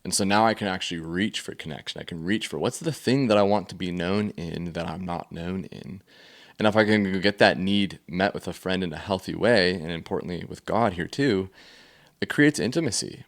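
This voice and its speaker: A man giving a casual faith-based teaching on feelings, telling stories in a loose, conversational way with plenty of fillers. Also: deep voice. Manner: conversational, storytelling with many fillers.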